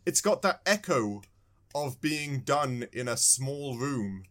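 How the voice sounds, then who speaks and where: A man's voice: mid-range voice, animated, slow, a bit bright. Rambling male podcast co-host. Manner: rambling, repeats words while thinking. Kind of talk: casual chat.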